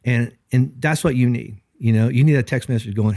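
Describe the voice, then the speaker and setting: A middle-aged pastor, fairly quick in delivery, speaks earnestly in a reflective podcast conversation. His ordinary-pitched voice moves up and down as he animatedly acts out others' quoted lines. The recording is dry and close, with no room echo.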